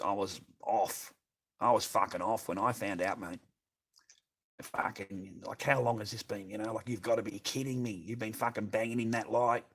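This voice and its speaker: A middle-aged man with an Australian accent, ranting in a profane, repetitive, bitter monologue to his stream. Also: medium pitch.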